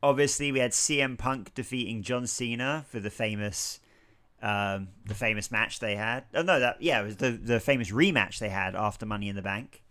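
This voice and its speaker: A man's voice: medium pitch, normal speed, pushed and bright. A man in his thirties co-hosting a podcast, chatting casually and rambling, with many fillers and the odd curse. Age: 30s. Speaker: podcast co-host. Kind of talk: casual chat.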